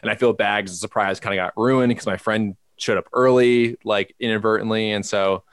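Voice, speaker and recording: Man, low-ish voice, quick rambling delivery, podcast co-host, dry close mic. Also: steady tone, clear, resonant tone, no room sound. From Los Angeles area. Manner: rambling storyteller with many fillers and restarts. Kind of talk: casual chat.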